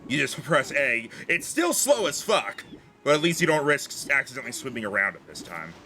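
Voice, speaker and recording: A young man streams a game and jokes and swears his way through it. His pitch leaps all over and his voice is bright and ringing. Faint game music plays behind him. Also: brisk. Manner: animated, joking, swears freely. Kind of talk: casual gameplay commentary.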